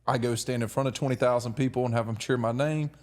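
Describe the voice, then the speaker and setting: A man's voice: mid-range voice, fairly even intonation, fast, a little mellow. A man co-hosting a podcast in casual chat, teasing his guest with joking banter. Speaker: podcast co-host.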